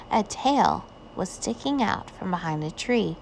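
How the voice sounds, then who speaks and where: A woman reading a children's picture book aloud, with gentle storytelling. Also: medium pitch, lively intonation, unhurried, creaky, slight background noise. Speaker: reader.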